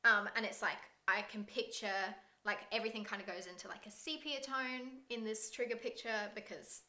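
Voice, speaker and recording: A woman's voice: fairly high pitch, steady tone, a little fast, sharp tone. A woman, an actor who plays a historical character, talking casually in an interview with lots of "like" and an upbeat manner. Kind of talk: conversational interview. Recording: echoey room.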